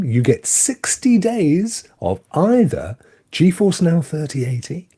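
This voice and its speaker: Lively man hosting a livestream. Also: fairly high pitch, slightly rough, dry recording, studio quality. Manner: jokey, chatty, thanks viewers by name. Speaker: host. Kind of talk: casual livestream chat.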